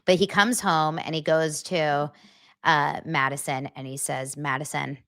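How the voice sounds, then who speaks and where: A woman's voice: low-pitched, a little slow, a bit bright. Blunt, profane woman recapping gossip. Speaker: pop culture podcast host.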